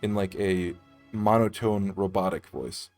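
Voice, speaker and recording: A man's voice: low voice, fairly even intonation, unhurried, darkish tone, faint music behind. A man narrating casually as game master in a tabletop game, with frequent swearing.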